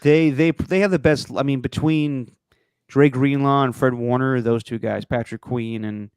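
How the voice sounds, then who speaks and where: A man's voice: mid-range voice, steady tone, moderate pace, a little mellow, clean tone, dry recording. A man hosting a podcast, talking sports in a casual, frank and opinionated way, swearing now and then, on a close podcast mic. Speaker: podcast host.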